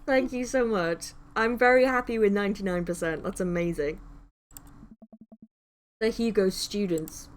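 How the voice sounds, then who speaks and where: A woman's voice: mid-range voice, measured pace, pauses often, slight background noise. A woman streaming a game live, reading its text aloud and gushing thanks to viewers.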